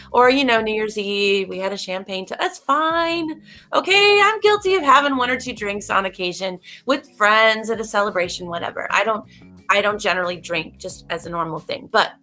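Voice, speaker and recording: A woman's voice: on the high side, pushed and bright. A woman hosting a casual livestream, talking emphatically and a bit preachily, straight to her viewers. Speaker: livestream host.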